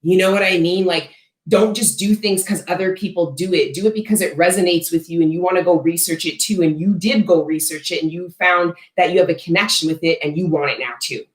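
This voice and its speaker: A woman hosting a casual livestream, chatting bluntly with viewers and answering their questions, swearing freely and talking with animated emphasis. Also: lowish voice, a little fast, roomy sound. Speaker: host selling frankincense to viewers.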